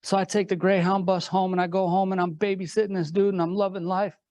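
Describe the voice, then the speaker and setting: A man's voice: sits high, level tone, fast talker, darkish tone, dry recording. A man giving a motivational talk, telling his own story earnestly to a live audience and building it up with repeated rhetorical questions. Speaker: motivational speaker.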